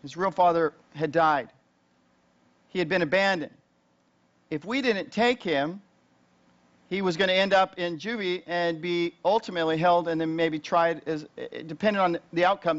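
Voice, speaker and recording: In a dull, lo-fi recording, a high-voiced male pastor narrates his sermon to the congregation as a story at a moderate pace. His delivery stays plain and chatty until tense parts, where he climbs in pitch and volume.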